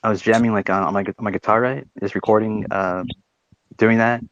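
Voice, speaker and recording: A man's voice: on the low side, steady tone, brisk, no room sound, lo-fi sound. A man hosting a live audio chat room, rambling casually with lots of fillers and swearing. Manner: rambling, swears, many fillers like "you know" and "right".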